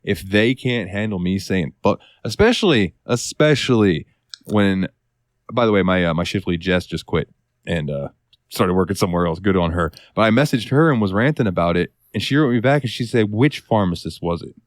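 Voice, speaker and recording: A man with a lowish voice chats casually on a podcast, recounting a work grievance with a storyteller's swagger. He curses freely and slips into the voices of the people he's quoting. The sound is close and dry. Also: animated, moderate pace, no room sound. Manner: storytelling with swearing, acts out quotes. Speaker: podcast co-host. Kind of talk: casual chat.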